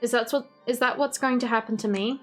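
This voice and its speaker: Scared young girl, read by a woman, pleading, a touch higher, Australian accent. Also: steady tone, fairly quick, soft background music, lightly acted. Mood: frightened. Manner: shaken, pleading.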